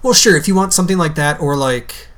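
A man's voice: a little high, quick pace, a bit bright. A young man co-hosting a podcast in casual chat, talking in a loose, hesitant way with lots of fillers and easy laughs. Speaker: podcast co-host.

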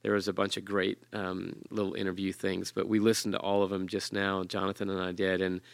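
A man hosting a casual podcast, talking in a relaxed, rambling way with his guest. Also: low-pitched, fairly quick, gravelly, no echo. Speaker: podcast host.

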